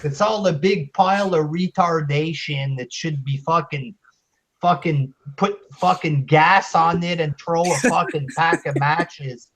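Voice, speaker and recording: A man hosting a live chat show, ranting slowly and profanely with open scorn. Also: on the high side, fairly even intonation, fairly bright tone. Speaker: podcast host.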